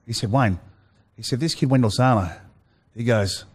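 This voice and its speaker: An Australian man telling stories in a casual chat, animated and peppering his talk with "mate". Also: mid-range voice, moderate pace, breathy edge. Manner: animated, says "mate" a lot, acts out quotes. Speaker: guest.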